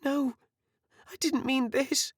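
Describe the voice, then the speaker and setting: A woman's voice: high-pitched, fairly even intonation, slow pace, slightly rough, dry recording, clean studio sound, pitched above the performer's own voice, full character voice. A man voicing a frightened, desperate young woman in an audiobook, with pleading, breathless cries. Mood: frightened, apologetic. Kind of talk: audiobook character voice.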